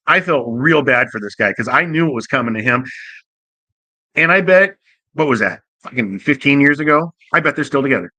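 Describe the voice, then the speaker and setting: A male host tells a rowdy story in a loose, profane, jokey style. His voice is bright and a little higher than average, with lots of energy. The sound is close and dry, with no room echo. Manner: animated, profane, jokey anecdote telling. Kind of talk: casual comic storytelling.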